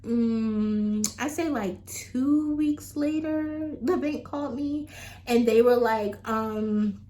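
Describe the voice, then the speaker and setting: Young woman vlogger, fairly high voice, chatty storytime delivery full of fillers, talks straight to viewers. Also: slow, warm tone. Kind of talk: casual storytime chat.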